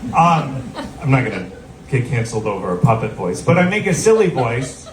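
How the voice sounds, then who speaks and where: A man's voice: medium pitch, very animated, normal speed, slight background noise. A middle-aged man doing stand-up, telling a long rambling story with asides and acted quotes. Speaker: stand-up comedian. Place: live comedy venue with audience. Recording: roomy live recording from a distance, loud ambience. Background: audience laughter.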